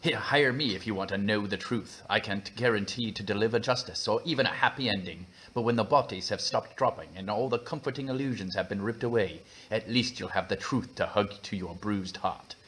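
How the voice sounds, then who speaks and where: A world-weary private eye with a put-on Cockney accent, as a man reads him out, drawing out each line slowly and theatrically. The voice sits low and leans on its words. It sounds like a dramatic storybook reading. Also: fairly bright tone, a little hiss or hum, close to an everyday voice. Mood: brooding. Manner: slow, emphatic, theatrical delivery. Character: hard-boiled male private eye narrating in a mock Cockney accent.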